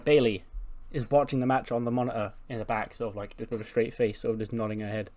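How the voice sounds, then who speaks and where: A man's voice: mid-range voice, fairly even intonation, fast talker, a little mellow. Male host, casual laughing play-by-play of a wrestling game. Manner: chatty, laughing, recaps results. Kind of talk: casual commentary on a wrestling sim.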